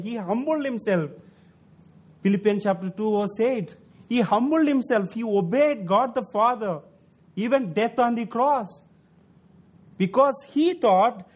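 A man's voice: sits high, darkish tone. A man preaching a sermon in non-native English phrasing, repeating key words for emphasis and lifting his voice on the points he stresses.

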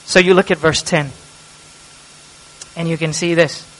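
A man with a high, light voice preaches a sermon. He moves from hushed, tender lines to loud, impassioned cries, with a steady preaching pulse. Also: unhurried, a little hiss or hum, low-quality recording. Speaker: pastor.

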